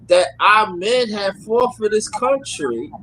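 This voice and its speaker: A man's voice: high voice, lively intonation, slow pace, pushed and bright, a little hiss or hum, rough recording. A man with a New York accent in casual panel talk. He speaks emphatically and often repeats words as he builds a point. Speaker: panel guest on a talk stream.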